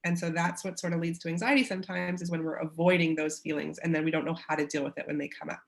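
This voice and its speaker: Woman, Canadian accent, webinar presenter, encouraging, lower voice. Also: steady tone, fast, gravelly. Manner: warm, encouraging, acts out short quotes.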